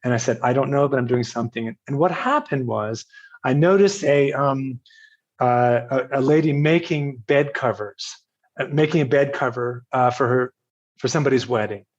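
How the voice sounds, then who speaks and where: An older man from Virginia, a podcast guest telling a personal story in a halting, self-correcting way with frequent laughs. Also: mid-range voice, highs cut off. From Virginia, USA. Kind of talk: casual storytelling interview.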